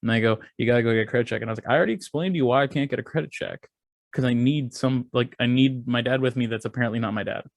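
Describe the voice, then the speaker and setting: A young man spins a story on a podcast, animated and loose with his swearing, slipping in quick voices for the people in it. His voice sits in an ordinary middle range. The sound is dry and close, with no room around it. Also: mid-range voice, dry recording. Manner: animated, profane, acts out quoted voices. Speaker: podcast co-host. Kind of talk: casual storytelling chat.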